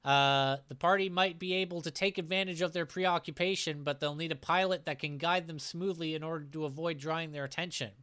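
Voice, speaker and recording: A man's voice: fairly high pitch, fairly even intonation, brisk, hardly any pauses, pushed and bright, clear, resonant tone. A man acting as game master, casually recapping a tabletop game session and reading out the players' lines, with fillers and restarts.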